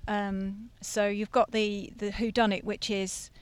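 A woman's voice: mid-range voice, little pitch movement, a little slow, clear, resonant tone. A woman author guest on a podcast, explaining her ideas with enthusiasm in casual chat.

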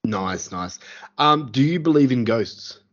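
A man's voice: mid-range voice, lively intonation, a little slow, fairly bright tone, muffled recording. A man hosting a casual podcast interview over a call, reacting in short bursts and laughing easily. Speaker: podcast host.

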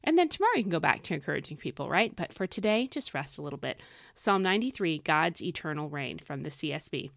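A woman with a fairly low voice leads a devotional Bible teaching, reading the psalm and then unpacking it. She is earnest and conversational, and she repeats key lines for emphasis. The recording is dry and close, with no room sound. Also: sing-song, brisk, gravelly, fairly bright tone, dry recording. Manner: conversational, speaks directly to the listener. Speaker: podcast host reading and teaching scripture.

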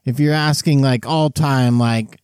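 A man's voice: mid-range voice, fairly even intonation, unhurried, a little mellow, smooth, no room sound, studio quality. A man co-hosting a casual podcast, talking in a rambling, jokey way and often cutting himself off mid-thought. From Fresno, California. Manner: rambling, self-interrupting, jokey. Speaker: podcast co-host. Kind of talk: casual chat.

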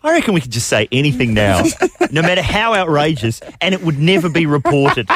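Easygoing radio co-host. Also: male voice, a little high, very animated, fairly quick, noisy background. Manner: laughing, easygoing, dry asides. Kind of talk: comedy radio banter.

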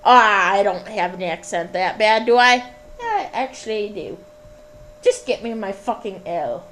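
A woman doing a gruff Minnesotan barkeep named Sven. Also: medium pitch, sing-song, unhurried, a bit bright, a little hiss or hum, poor audio. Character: gruff Minnesotan male bartender.

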